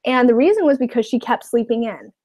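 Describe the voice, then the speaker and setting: A woman's voice: fairly high pitch, expressive, fast talker, a little mellow. A woman life coach giving a webinar talk, encouraging, often checking in with "okay?" and acting out the voices of others.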